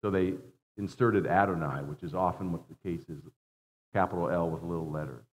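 A man preaching a sermon as a guest preacher, earnest, dropping his voice low and rising for emphasis, often repeating words as he builds a point. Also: fairly quick. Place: church sanctuary. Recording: dull sound in a long-reverb hall.

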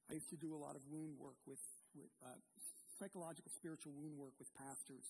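A man, a pastor, preaching an earnest sermon with emphatic pauses and repeated words. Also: a little high, fairly even intonation, mellow, a little hiss or hum, rough recording.

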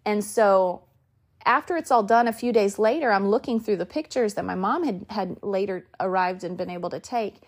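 A woman's voice: mid-range voice, moderate pace. Woman telling stories on a podcast. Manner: animated, acts out quotes in her telling. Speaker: podcast host. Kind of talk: casual storytelling.

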